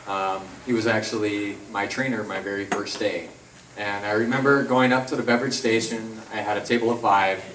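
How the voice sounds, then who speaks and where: A man's voice: fairly low pitch, steady tone, normal speed, a bit bright, slight background noise. Man telling funny stories, echoey hall. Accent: Upper Midwest American. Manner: storytelling, jokey, acts out quotes. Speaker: eulogy speaker, close friend. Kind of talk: memorial eulogy with stories. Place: large hall at a memorial. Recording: echoey hall, mic from far off.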